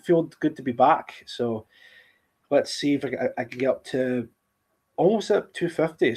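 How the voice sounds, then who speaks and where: Podcast host: soft Scottish man, mid-pitched, relaxed chatty delivery, laughs easily. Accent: Scottish, central belt. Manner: soft-spoken, laughs often. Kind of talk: casual podcast chat.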